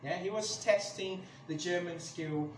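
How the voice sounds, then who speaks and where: High-voiced man ranting angrily on a podcast. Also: unhurried. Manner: angry, swears a lot, many restarts. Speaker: podcast host. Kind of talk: casual ranting monologue. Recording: echoey room with clear background noise.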